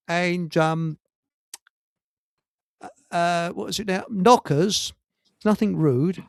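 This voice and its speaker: Gravelly rambling man hosting radio. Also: sits high, takes it slowly, long pauses, no room sound, studio quality. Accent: Hertfordshire. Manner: rambling, jokey, lots of fillers and restarts. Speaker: radio show host. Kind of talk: casual live radio chat.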